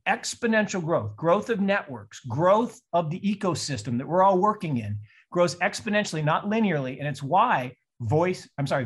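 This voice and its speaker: A man in his sixties from Seattle, giving an animated talk on a call and telling stories in mock voices. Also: a little high, husky. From Seattle, USA. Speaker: investor speaker. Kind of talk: presentation on a call.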